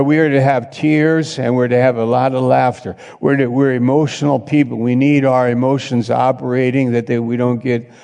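A man preaching a sermon as a pastor, slow and halting with frequent restarts. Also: medium pitch, vocal fry, darkish tone, in a large hall.

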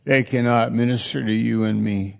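A man's voice: mid-range voice, steady tone, moderate pace, vocal fry, in a large hall. A man preaching a sermon, with repetitive, emphatic phrasing.

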